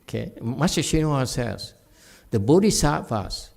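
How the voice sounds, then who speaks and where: A middle-aged man giving a dharma talk with questions and answers, animated, laughing and acting out quoted voices. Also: mid-range voice, unhurried, creaky. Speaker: meditation teacher.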